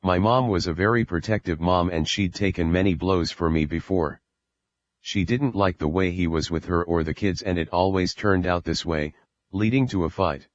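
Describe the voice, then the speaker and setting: A man with a very low voice narrates an audiobook in the first person, reading plainly and without hurry. The recording is dry and close, with a dull, muffled tone. It sounds like a home-made audiobook. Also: normal speed, no room sound.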